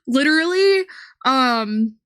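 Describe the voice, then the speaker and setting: High-voiced woman telling a rambling story. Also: animated, slow pace, a bit bright, smooth. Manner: rambling with frequent ums and bursts of laughter. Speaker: streamer. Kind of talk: casual live-stream storytelling.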